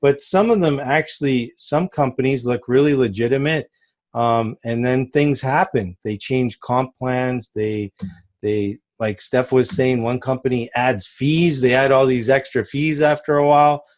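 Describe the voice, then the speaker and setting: A man's voice: medium pitch, steady tone, unhurried. A man hosting a casual group call, talking in an upbeat, rambling way and laughing easily. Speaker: call host.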